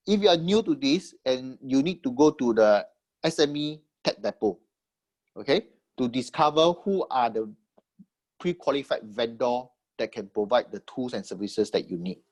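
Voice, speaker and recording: Man, Singaporean English accent, agency presenter, slightly husky, mid-pitched, walks through steps with "okay?" checks. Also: darkish tone. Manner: explains step by step, checks in with "okay?"; frequent "uh" fillers and repeats. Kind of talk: webinar slide presentation.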